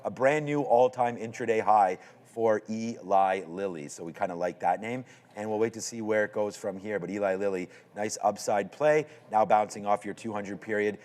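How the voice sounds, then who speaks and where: Low-voiced man, relaxed market talk. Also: moderate pace. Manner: relaxed, filler-heavy, repeats words. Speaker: day trader co-host. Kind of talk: live market commentary.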